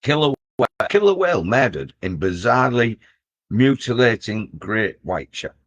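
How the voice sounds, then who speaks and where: A man's voice: medium pitch, big pitch swings, moderate pace, a bit bright. A man co-hosting a casual live stream, bantering bluntly and reading out odd news stories. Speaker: co-host.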